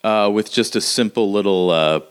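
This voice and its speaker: A man narrating a tabletop game as game master, unhurried and hesitant, filling pauses with "uh". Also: on the low side, clear, resonant tone.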